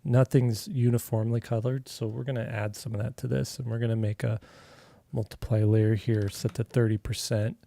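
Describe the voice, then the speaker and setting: A man from Arizona giving a relaxed, chatty digital art tutorial, talking as he works, with filler words and restarts. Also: medium pitch, moderate pace, gravelly, dry recording. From Arizona, USA. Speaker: artist teaching a digital coloring tutorial. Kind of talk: casual live drawing tutorial.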